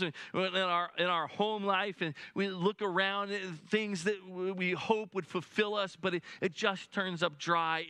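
A man preaching a sermon in an earnest way, often restarting his sentences and dropping low and soft at solemn points. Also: clean tone, no echo. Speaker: pastor.

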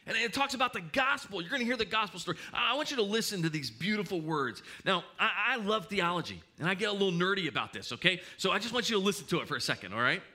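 A middle-aged man preaching a sermon as pastor, telling stories in an animated way with frequent restarts. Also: sits high, quick pace, few pauses. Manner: animated storytelling with hesitant restarts. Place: church.

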